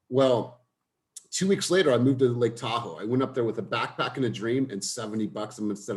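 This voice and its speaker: A man's voice: medium pitch, lively intonation, a little fast. A young man leading a group coaching call, telling a personal story in an earnest way and speaking directly to the group.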